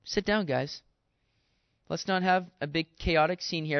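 A man's voice: fairly high pitch, measured pace, no echo. A man preaching a sermon in an earnest, exhorting way, talking straight to his listeners. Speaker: pastor. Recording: dull dry sound.

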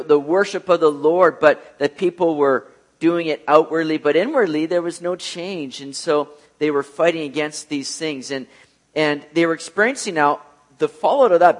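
Guy preaching a sermon, kinda high voice, super conversational, keeps saying right?. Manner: acts out quoted voices.

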